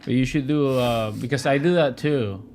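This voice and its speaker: A man's voice: medium pitch, moderate pace, a little mellow, a little hiss or hum. A man hosting a podcast in casual chat, speaking hesitantly with many fillers. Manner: hesitant, full of uhs. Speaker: podcast host.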